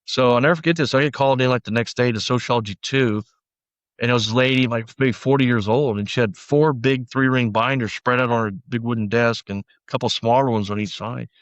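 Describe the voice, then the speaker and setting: A man's voice: mid-range voice, fairly quick, no room sound, dull audio. Blunt, rambling man telling his story. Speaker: podcast guest, former sheriff's deputy. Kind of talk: casual storytelling interview.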